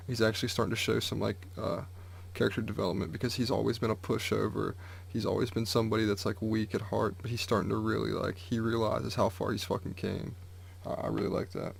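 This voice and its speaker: A man casually reacting live to a manga chapter, reading panels aloud, excited and swearing freely with lots of filler words. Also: lowish voice, fast, gravelly, hardly any pauses, husky.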